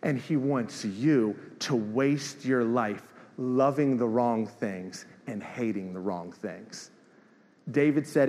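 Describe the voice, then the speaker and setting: A man's voice: medium pitch, takes it slowly. Middle-aged male pastor, sermon delivery with call-and-response, echoing church hall. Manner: preaching with call-and-response asides to the congregation; repeats words and restarts, swings between loud declarations and quieter storytelling. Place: large church sanctuary. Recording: long hall reverb in a church.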